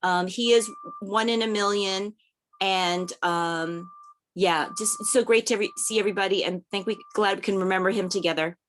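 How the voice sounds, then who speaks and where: A woman sharing memories of a late coworker at a community memorial, halting often and restarting her sentences. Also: medium pitch, slight background noise. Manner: halting, many restarts and fillers, laughing fondly. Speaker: memorial speaker, former coworker. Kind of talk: personal tribute at a memorial.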